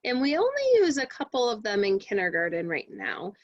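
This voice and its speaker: A woman teaching a kindergarten reading lesson to children in an expressive, sing-song way. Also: mid-range voice, fairly quick, dry recording, lo-fi sound.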